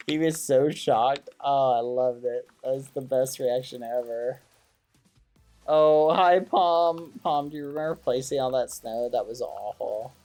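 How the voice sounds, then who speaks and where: A man streaming a game, chatting casually and excitedly with his viewers and using wholesome exclamations instead of swearing. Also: mid-range voice, unhurried, soft background music. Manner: excitable, talks to his chat. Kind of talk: casual gaming livestream chat.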